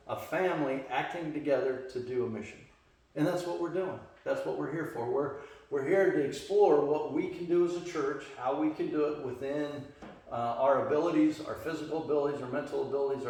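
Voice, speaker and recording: A man from Las Vegas, in the western US, has a mid-range, slightly mellow voice. He runs a church study group in a casual, meandering style, restarting often and using lots of fillers. The church meeting room echoes, the mic is far off, and a faint hum runs underneath.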